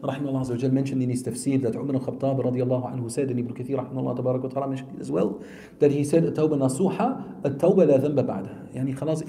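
Dark-voiced male preacher in an echoing hall. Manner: swings between loud emphatic lines and soft low asides; poses questions to the audience and answers them. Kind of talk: sermon. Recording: echoey hall with long reverb.

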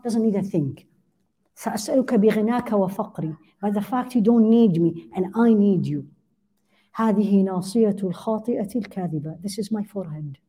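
A woman's voice: mid-range voice, dark tone, breathy edge. A woman giving a religious lesson, translating Arabic supplications line by line and putting questions to her listeners. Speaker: religious teacher.

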